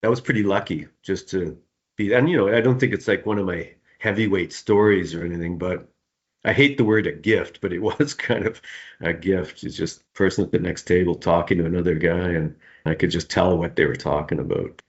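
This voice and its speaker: A middle-aged male author answering interview questions in a relaxed, rambling way, often repeating words and laughing. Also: low-pitched, a little fast. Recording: dull, muffled sound.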